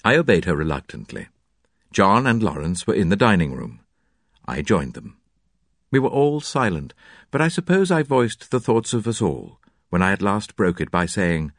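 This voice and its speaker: Male narrator for a detective audio story; lowish voice with lively, swinging pitch. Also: no echo, clean studio sound. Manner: expressive, varied delivery.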